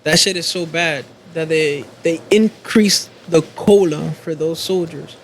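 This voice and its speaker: Man, army vet, higher voice, laid-back, swearing, faint noise. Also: steady tone, a little slow, low-quality recording. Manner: laid-back, profane, reacts with short exclamations. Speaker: guest, army veteran. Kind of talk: casual chat.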